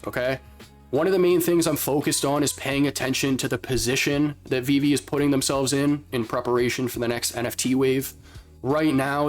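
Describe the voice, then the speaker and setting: A man in a medium register talks through the week's news as a channel host, loose and conversational, dropping fillers and checking in with the listener. Soft music plays faintly under his voice. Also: medium pitch. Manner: conversational, frequent fillers and "okay?" asides. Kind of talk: casual commentary to camera.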